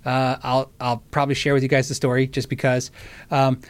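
A man hosting his own show in a casual livestream chat, excitable and stammering, often restarting his sentences. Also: mid-range voice, a little fast, smooth. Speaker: show host.

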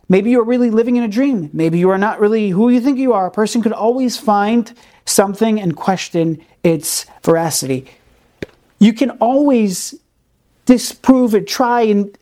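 A man with a high-pitched, warm voice teaches a recorded Torah class. He is earnest and emphatic, repeating key words for stress and peppering his speech with Hebrew terms.

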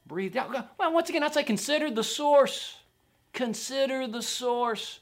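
A man preaching a sermon in an animated way, sometimes acting out doubters in a higher voice. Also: unhurried. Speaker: pastor.

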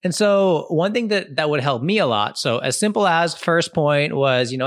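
A man's voice: on the high side, expressive, moderate pace, dry recording. Chatty man in his thirties, dry sound. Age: 30s. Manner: chatty, full of "like", "you know" and "right?". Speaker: comedian and podcast host. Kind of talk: casual advice monologue.

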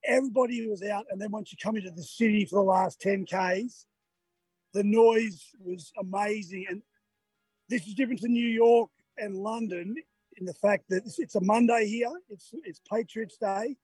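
An older Australian man, a marathon runner, chats to radio hosts by phone from outdoors near the finish line. He sounds tired after the race, laughs a lot, and acts out what the crowd shouted at him. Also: high-pitched, fairly even intonation, normal speed, breathy edge, no room sound, faint music behind. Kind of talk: casual chat on a live radio call. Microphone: phone on a video call.

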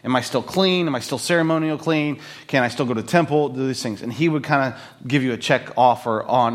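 A middle-aged pastor preaches a conversational sermon, narrating the story and voicing the people in it. His voice is medium-pitched and moves at a normal speed.

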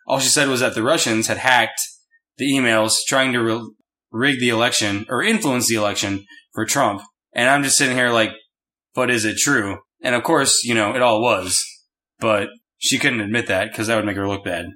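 A man's voice: mid-range voice, moderate pace, bright, forceful tone. A young man co-hosting a podcast, chatting in a rambling, teasing way. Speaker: podcast co-host. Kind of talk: casual chat.

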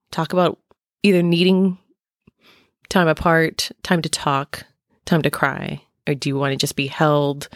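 A middle-aged woman hosting a podcast, speaking haltingly with many fillers and restarts as she searches for words. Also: lowish voice, gravelly, no echo, studio quality. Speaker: podcast host. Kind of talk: personal podcast talk.

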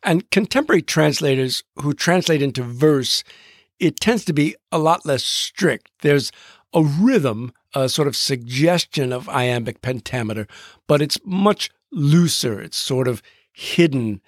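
A man hosting a podcast in a reflective, literary way, slowing down to read verse aloud. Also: fairly high pitch, lively intonation, no echo, studio quality. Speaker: podcast host. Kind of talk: scripted podcast narration.

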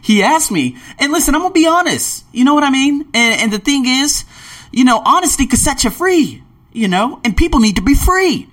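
Acting out scenes with gasps and tiny voices, this late-twenties vlogger recounts his travels casually. His voice is very high and fairly bright, and he speaks fairly quickly and very animatedly.

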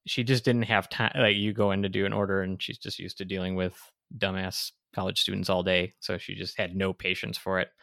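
A man's voice: lowish voice, fairly bright tone, no room sound. A man hosting a podcast in casual chat, telling stories in a dry, easygoing way. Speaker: podcast host.

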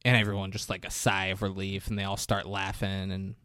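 A man's voice: low voice, fairly quick, dry recording. Guy recapping a movie for laughs, does all the voices, swears a lot, dry close mic. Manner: animated storytelling, jumps into voices for the characters; profane and blunt when joking. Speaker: podcast host recapping a movie. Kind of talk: casual comedic movie recap.

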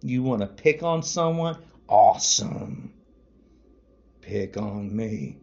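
A man's voice: on the low side, expressive, takes it slowly, gravelly, darkish tone. A man podcasting an angry political rant, furious and repetitive, hurling insults. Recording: dull lo-fi audio.

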